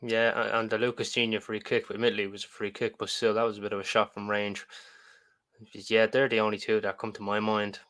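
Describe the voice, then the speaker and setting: A man's voice: fairly low pitch, flat delivery, a little fast, fairly bright tone. A man co-hosting a football podcast, chatting casually with stammered starts. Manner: chatty, stammering starts, acts out fan reactions. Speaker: podcast co-host.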